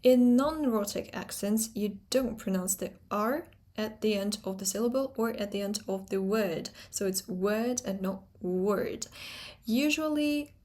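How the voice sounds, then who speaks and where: A young woman teaching phonetics in a casual lesson, talking slowly and deliberately as she demonstrates how words are pronounced. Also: medium pitch, darkish tone. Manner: slow, deliberate, demonstrating pronunciations.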